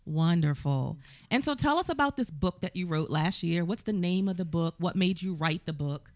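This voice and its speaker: A woman's voice: fairly low pitch, expressive, normal speed, a little mellow, dry recording, studio quality. A woman in her thirties hosting a casual interview, upbeat and playful, laughing easily. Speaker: talk show host.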